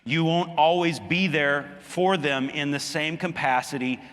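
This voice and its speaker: A man delivers an earnest sermon in a bright, forceful voice. He presses his points by pushing higher and louder. The sound carries a long reverb, as in a big hall. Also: a little slow, clear, resonant tone. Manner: earnest preaching, rising emphatically on key points. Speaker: pastor.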